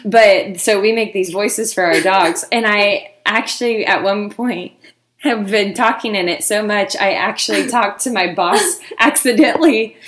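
A woman's voice: mid-range voice, a little slow, fairly bright tone. A woman from the American Midwest co-hosting a podcast, chatting casually and laughing often. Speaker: podcast co-host. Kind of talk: casual chat.

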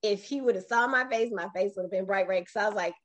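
A woman's voice: mid-range voice, quick pace. Woman telling a heartfelt personal story. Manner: animated, emotional retelling with many restarts. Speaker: interview guest. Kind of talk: personal storytelling in a podcast interview.

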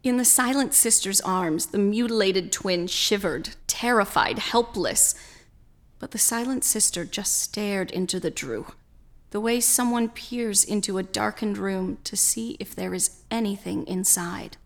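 A woman narrating a scripted story in a slow, measured way. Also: mid-range voice.

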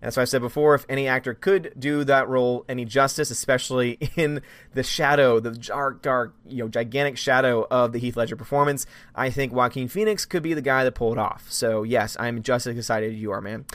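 A man's voice: mid-range voice, steady tone, brisk, fairly bright tone, dry recording. A man hosting a casual live stream, greeting viewers by name and reading their comments aloud.

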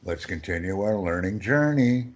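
A man teaching English phrases in a lesson, reading each phrase slowly and with emphasis for his student to repeat. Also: deep voice, expressive, lo-fi sound. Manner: slow and emphatic, phrases stressed one by one.

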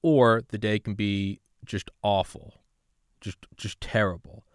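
A man hosting a podcast in casual talk, rambling and swearing, sliding between quiet musing and loud fired-up pep talk. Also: on the low side, steady tone, takes it slowly, clean tone, no room sound, clean studio sound. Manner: rambling, profane, swings from subdued to loud and fired-up. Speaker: podcast host. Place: home room with gaming setup.

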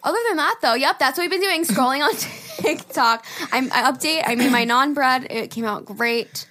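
Woman cohost reading listener emails, laughs a lot, swears casually, slightly high voice. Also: normal speed, pushed and bright. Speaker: podcast co-host.

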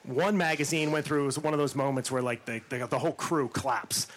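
A man's voice: medium pitch, fairly quick, a little hiss or hum. A middle-aged man, an actor and former basketball player, telling stories in a podcast interview with lots of fillers and restarts, acting out the quotes. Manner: animated, acts out quotes, many fillers and restarts.

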